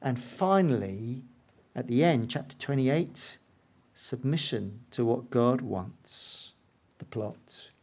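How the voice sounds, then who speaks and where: A man preaching a sermon, telling the story dramatically and swinging between hushed asides and loud, emphatic lines. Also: medium pitch, animated, slow.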